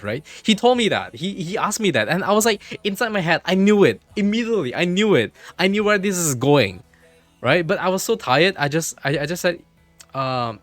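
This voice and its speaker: A man livestreaming from his computer, telling a story in an animated way, repeating himself and swearing freely. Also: sits high, normal speed, soft background music.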